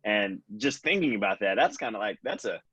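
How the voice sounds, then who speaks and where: A man's voice: fairly low pitch, expressive, a little fast, a bit bright, slightly rough, dry recording, poor audio. A young man hosting a casual podcast chat, talking earnestly and reflectively with frequent restarts. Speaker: podcast host.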